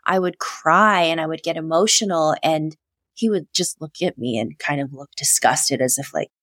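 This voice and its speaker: A woman with a notably low voice who speaks softly and thoughtfully. She lingers on her words with heartfelt sincerity, and the recording is close and dry. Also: moderate pace, no room sound. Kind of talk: reflective conversation.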